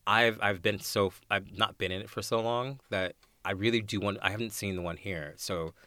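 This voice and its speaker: An American man in his thirties, a guest actor telling stage stories in a casual interview, animated and often laughing. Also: lowish voice, moderate pace, no echo. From United States. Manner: animated storyteller, acts out quoted voices, laughs often.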